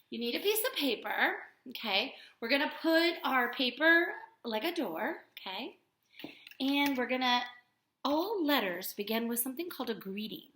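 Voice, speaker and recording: A woman teaching young children to write a letter, talking slowly and stretching out sounds. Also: fairly high pitch, pushed and bright, roomy sound, slight background noise. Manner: slow, sing-song teacher voice that stretches out sounds. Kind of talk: remote writing lesson for young children.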